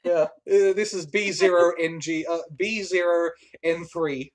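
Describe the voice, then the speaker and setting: A game master narrating a tabletop game at a middling pitch. The narration is lively, broken up by laughs, fillers and restarts. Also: unhurried.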